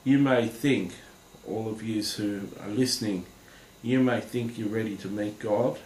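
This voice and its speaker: A man giving a personal testimony to viewers, speaking in a halting, earnest way with many pauses and fillers. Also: fairly low pitch, a little mellow. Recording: roomy echo with faint background noise.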